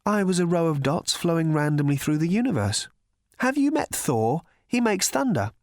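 A man's voice: a little high, very animated, moderate pace, a little mellow, dry recording, studio quality, voice pushed up. A man voicing a cool, self-assured young woman who speaks firmly and lightly. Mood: breezy. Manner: firm, breezy.

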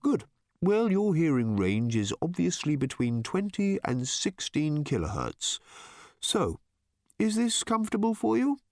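A man voicing a strange, chatty, shape-shifting bird-like machine in an audiobook, its pitch jumping from very high to very deep. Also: no echo, exaggerated voice. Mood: matter-of-fact. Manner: shifts pitch wildly, calm and briskly matter-of-fact. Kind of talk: audiobook character voice.

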